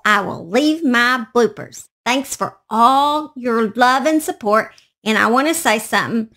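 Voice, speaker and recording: Gushing woman vlogger, fairly high. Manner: warm-hearted, gushing, talks to viewers directly. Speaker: true crime channel host. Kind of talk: casual chatty vlog.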